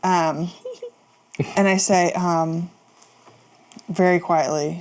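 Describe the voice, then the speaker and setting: A woman playing a tabletop game, soft-spoken and giggly while role-playing. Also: lowish voice, steady tone, slow, pauses often. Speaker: player.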